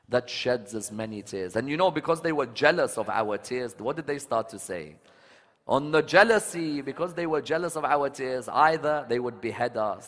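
Male preacher, sermon delivery, quiet narration building to fervent loud outbursts. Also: medium pitch. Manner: impassioned, rising to loud emotional cries in prayers. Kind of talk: religious sermon.

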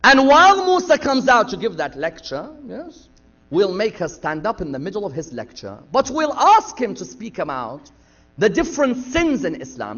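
A man with a high-pitched, fairly bright voice preaches a sermon from a lecture hall pulpit, retelling stories dramatically and acting out the dialogue. The recording has a dull, lo-fi sound.

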